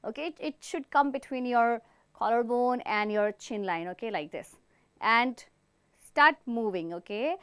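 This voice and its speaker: An encouraging theatre teacher from India guides her online acting students step by step, often praising them and showing expressions with big acted lines. Her voice sits on the high side, unhurried and smooth, in a dry recording.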